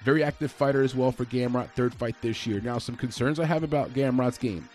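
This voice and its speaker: A man's voice: mid-range voice, fairly quick, darkish tone, soft background music. A man giving a casual, conversational breakdown of an upcoming fight, with frequent fillers and restarts. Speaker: MMA fight analyst.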